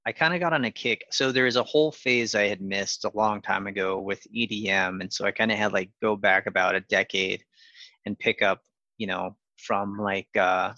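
A man's voice: lowish voice, steady tone, moderate pace, pushed and bright, no room sound, muffled recording. A man in casual conversation, telling rambling stories with lots of fillers. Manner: rambling, laid-back storyteller with many fillers. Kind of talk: casual chat.

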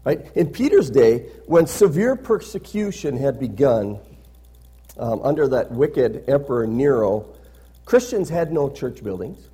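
A man's voice: medium pitch, big pitch swings, measured pace, warm tone, slightly rough. A man preaching a sermon as pastor, reading scripture aloud with rising emphasis and adding conversational asides that end in "right?".

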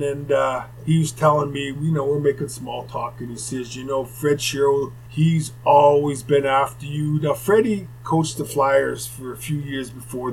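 An older former hockey player telling rambling anecdotes in casual conversation, with asides. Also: male voice, mid-range voice, creaky, slight background noise, poor audio. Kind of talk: casual storytelling.

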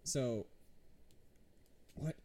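A man narrates a tabletop game as game master, speaking casually and hesitantly with many fillers and frequent restarts. His tone is dark and he draws out his words.

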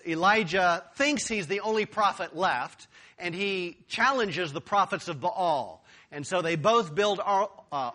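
A man's voice: high voice, bright, forceful tone. A man preaching a sermon, building to emphatic peaks as he reads and explains scripture. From United States. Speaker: pastor.

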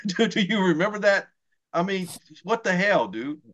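A man's voice: high voice, expressive, measured pace, fairly bright tone, lo-fi sound. A man co-hosting a podcast, talking football in a heated, ranting way and swearing often. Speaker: podcast co-host. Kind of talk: casual sports talk.

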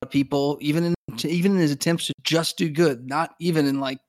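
A man's voice: fairly high pitch, steady tone, fairly quick, a little mellow, no echo, clean studio sound. Rambling man in casual podcast chat. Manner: rambling, many restarts and "like" fillers, laughs often. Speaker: podcast co-host.

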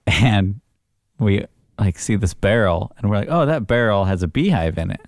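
A man's voice: on the low side, animated, moderate pace, no echo, studio quality. A man in casual chat, animatedly telling a story from work and acting out his own panic.

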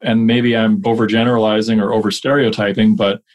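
A man coaching mortgage brokers in a casual podcast conversation, energetic and quick to rattle off lists of examples. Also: lowish voice, dull audio.

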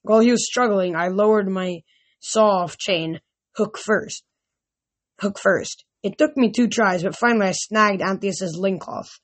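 A woman reading a novel aloud, often tripping over words and restarting, with louder shouted lines. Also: medium pitch, moderate pace. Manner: reads aloud with frequent slips and restarts. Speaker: reader. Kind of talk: amateur audiobook reading.

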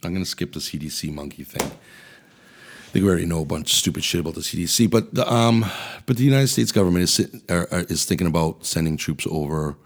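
A man with a very low, gravelly voice that has plenty of fry. He rants about politics on his podcast in a blunt, profane way. His tone is husky and rough throughout. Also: expressive, fairly quick. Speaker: podcast host. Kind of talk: ranting political commentary.

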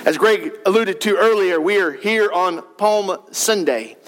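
Pastor guy, kinda high voice, folksy chatty sermon, big church echo. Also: measured pace, fairly bright tone. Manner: folksy, conversational storytelling. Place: church sanctuary.

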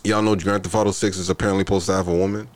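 A man's voice: low voice, little pitch movement. A young man hosting a casual podcast, asking rambling questions full of fillers. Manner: drawn-out questions, lots of fillers. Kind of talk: casual joking chat.

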